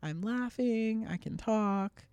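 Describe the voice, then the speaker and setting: Mellow-voiced woman telling a story. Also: on the high side, slow pace, dry recording. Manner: laughing, rambling storyteller with many fillers. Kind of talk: casual chat.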